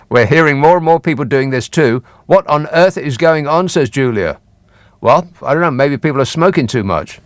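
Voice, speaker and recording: In a radio studio, a man runs a late-night phone-in show on a studio mic, teasing callers with dry sarcasm. His voice is fairly high with lively intonation at a normal speed, and the recording is dry.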